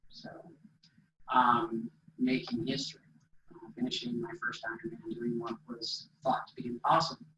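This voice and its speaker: A man's voice: medium pitch, little pitch movement, normal speed, bright, forceful tone, a little hiss or hum. A middle-aged man speaking to an audience as a motivational speaker, telling a personal story in a conversational way, with fillers and acted-out quotes. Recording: dull echoey hall sound from a distance.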